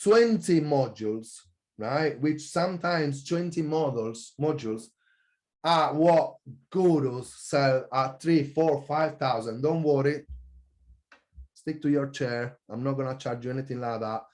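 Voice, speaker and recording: A man, an online business coach giving an energetic, passionate sales pitch for his course, often correcting himself as he goes. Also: a little slow.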